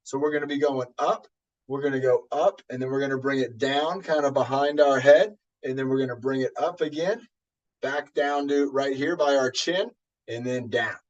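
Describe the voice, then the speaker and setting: A man's voice: medium pitch, normal speed, recorded from a distance, dull audio. A man leading a light home workout class, talking through each move in an upbeat, encouraging way. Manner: upbeat, encouraging, talks through moves while exercising. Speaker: fitness instructor. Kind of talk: guided workout instruction.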